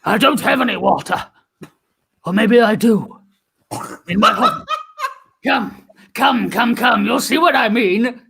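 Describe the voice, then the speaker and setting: A man's voice: very high voice, slow, vocal fry, pauses often, a bit bright, husky, exaggerated voice. A man voicing a sly, sinister old hermit who lures people in and summons storms, in an improvised comedy scene. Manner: wheedling, sly.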